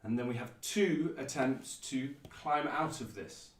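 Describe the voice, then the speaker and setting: A man presenting and explaining a piece of classical music in a thoughtful, measured way, with frequent ums. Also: mid-range voice. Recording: roomy echo, mic at a distance.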